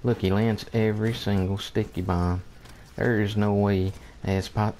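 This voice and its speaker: A man narrates his own gameplay in a slow, unhurried drawl, sitting a little low in his range. He grumbles in disbelief, repeats himself, chuckles and swears mildly in a folksy way. A faint hiss of noise sits under his voice. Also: little pitch movement, dark tone. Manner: folksy mild oaths, chuckles often. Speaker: gameplay commentator. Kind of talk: casual gameplay commentary.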